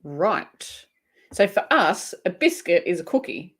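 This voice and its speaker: Slow, giggly Australian woman host chatting with her live audience. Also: lowish voice, big pitch swings, husky. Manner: giggly, chatty, reads viewer comments aloud. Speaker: crochet livestream host. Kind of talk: casual live-chat banter.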